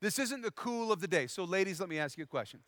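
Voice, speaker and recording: High, bright-voiced male preacher. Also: animated, quick pace, dry recording, clean studio sound. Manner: conversational, quizzes the congregation. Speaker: pastor. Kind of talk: sermon.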